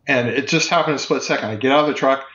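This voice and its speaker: A man in his fifties, a podcast guest, recounting a personal story in vivid detail with quick restarts. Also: mid-range voice, fairly bright tone, highs cut off.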